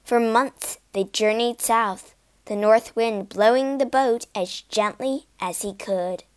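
A woman reading a fairy tale aloud as narrator, in a careful, expressive manner. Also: a little high, takes it slowly, smooth. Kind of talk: storybook read-aloud.

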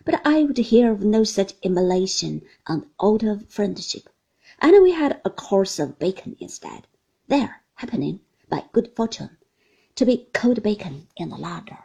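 Brief: expressive female audiobook narrator, mellow and breathy. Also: mid-range voice, normal speed. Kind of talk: scripted narration.

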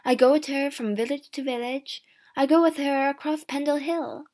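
A ragged, hot-tempered young woman , as a woman reader puts her on, answers in a fairly high voice that climbs when pushed. She talks defiantly and never backs down. This is a storybook reading. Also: steady tone, normal speed, a little mellow, lightly acted.

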